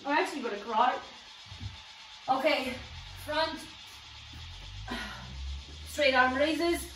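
A woman's voice: high-pitched, slow pace, a bit bright, echoey room, distant mic, faint music behind, poor audio. A woman fitness instructor coaching a home workout, encouraging and counting down while exercising along, a little out of breath.

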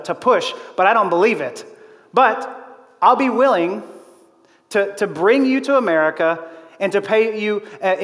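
A man with a fairly high voice preaches to his church, telling a story with lively energy, chuckling along and slipping into the voices of the people in it. His words ring out with a long reverb from the hall. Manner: animated storytelling with laughs and acted-out quotes. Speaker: pastor. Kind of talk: sermon. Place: church auditorium.

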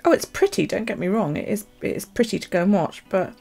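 A woman's voice: mid-range voice, lively intonation, fast talker, creaky, dark tone, husky, faint music behind. A middle-aged woman, a journaling vlogger, telling stories in a casual, chatty way and swearing freely. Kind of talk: casual chat.

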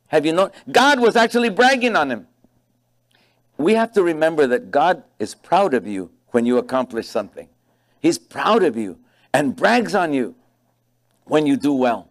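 Delivering a sermon at a moderate pace, this pastor has a voice on the high side. His storytelling is animated, with key phrases emphasized and dialogue performed in character voices.

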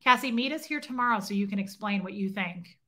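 A woman with a medium-pitched, brisk and slightly bright voice hosts a casual livestream on a phone mic. She chats with viewers and reads their comments aloud, teasing them and poking fun at herself.

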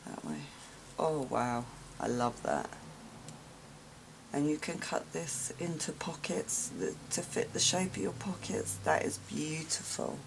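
A low-voiced woman with a gravelly edge speaks slowly and softly in a casual vlog, gasping and gushing as she opens gifts. Paper crinkles, and noticeable noise sits behind her voice. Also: animated. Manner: soft, slow and gushing, many gasps and sighs. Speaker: craft vlogger opening gifts.

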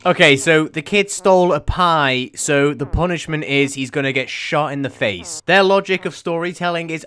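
A man's voice: on the high side, normal speed, hardly any pauses, sharp tone, smooth. Sarcastic young man. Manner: sarcastic, mocking, often laughing. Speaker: YouTube commentator. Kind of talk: reaction commentary.

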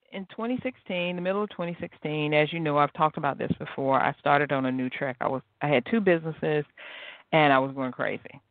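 A woman's voice: sits low, no echo. Chatty woman host over a tinny line. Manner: chatty, storytelling, animated. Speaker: podcast host. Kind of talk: motivational solo talk. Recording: tinny phone-like line, dry.

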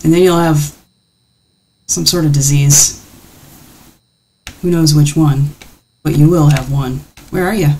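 A woman's voice: deep voice, fairly even intonation, measured pace, pauses often, dark tone, a little hiss or hum. A woman giving playful, jittery commentary while playing a horror game. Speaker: gaming channel host. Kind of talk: let's play commentary.

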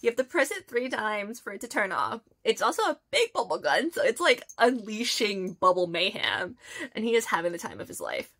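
A young woman talks straight to her viewers in a casual storytime vlog. She is chatty and animated, packing her story with fillers. Her pitch sits in an ordinary middle range for a woman. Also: moderate pace. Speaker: vlogger.

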